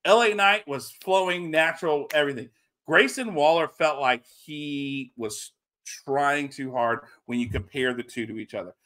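A man from South Louisiana, co-hosting a casual wrestling podcast, animated and chatty. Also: fairly high pitch, normal speed. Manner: animated, drops into mock Cajun voices. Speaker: podcast co-host.

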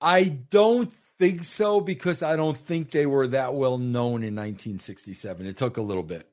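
A man's voice: mid-range voice, moderate pace, a little mellow. A man co-hosting a podcast, bantering in a chummy, jokey way. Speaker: podcast co-host. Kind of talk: casual chat.

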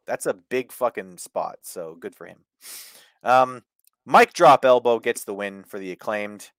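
Profane, animated wrestling podcast man. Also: lowish voice, measured pace, clear, resonant tone, dry recording, studio quality. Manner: profane, animated, laughs often. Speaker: podcast host. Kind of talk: casual wrestling review chat.

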